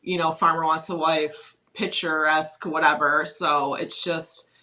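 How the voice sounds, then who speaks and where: A woman's voice: sits low, level tone, a little slow, bright, forceful tone, low-quality recording. A woman talking as a guest on a podcast, a former reality-show contestant speaking frankly in a chatty, casual way, with a lot of "like".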